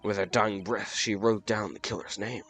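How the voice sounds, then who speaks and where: A man voicing a blunt male police detective in a game reading, with a gruff tough-guy delivery. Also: fairly low pitch, steady tone, moderate pace, a bit bright, faint music behind.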